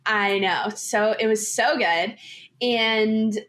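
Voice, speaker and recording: A woman's voice: mid-range voice, slow, a crowd in the background. A woman in her twenties, a podcast guest talking candidly and casually, with lots of filler words. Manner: chatty, candid, heavy use of "like".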